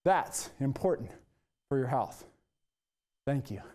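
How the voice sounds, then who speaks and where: A man's voice: mid-range voice, expressive, takes it slowly, dark tone. A man, a nurse, teaching a workout and counting out the moves, upbeat and a little out of breath at times. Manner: upbeat coaching, counting out moves while exercising. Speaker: nurse demonstrating exercise. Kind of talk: exercise demonstration lesson.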